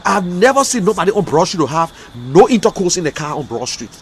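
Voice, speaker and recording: A Liberian man delivering an emotional, repetitive political rant as a commentator, swinging between loud outbursts and quiet, subdued stretches. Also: high voice, sing-song, quick pace. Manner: emotional, repetitive, rising and falling intensity. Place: in America.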